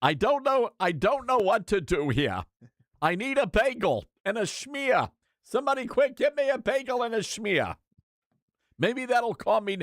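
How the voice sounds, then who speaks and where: A man doing a fretful high-voiced old man. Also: big pitch swings, measured pace, fairly bright tone, no room sound, clean studio sound, heavily acted. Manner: high, strained, nervous rambling. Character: fretful older man, Bernie Sanders impression.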